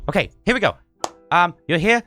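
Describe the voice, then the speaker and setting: A man voicing a frantic, scatterbrained woman wizard in a tabletop game, talking high and rushed. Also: animated, sharp tone, soft background music.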